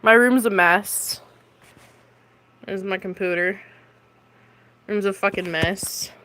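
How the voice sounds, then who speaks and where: A woman chatting casually on a late-night stream from her bedroom, often coughing and clearing her throat. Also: slow pace, fairly bright tone. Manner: high baby-talk voice to her cat.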